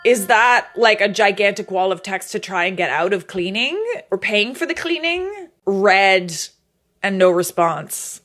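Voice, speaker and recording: A woman talks through her reactions in a candid, chatty commentary voice and laughs easily. Her pitch sits in an ordinary middle range. Soft music plays quietly behind her. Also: lively intonation, measured pace. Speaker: commentary host.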